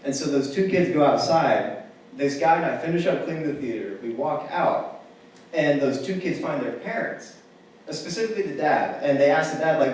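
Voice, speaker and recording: Young man with a wry stand-up delivery in a booming hall. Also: lively intonation, normal speed, a little mellow. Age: young adult. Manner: casual, wry storytelling with filler "like". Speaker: stand-up comedian. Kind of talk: stand-up comedy set. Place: campus theater stage before a live audience. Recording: very echoey hall from far off.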